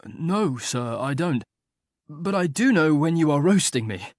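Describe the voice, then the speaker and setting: Man voicing young secretary, flustered, hurried, raised pitch, close dry sound. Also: animated, no room sound. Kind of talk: audiobook character reading.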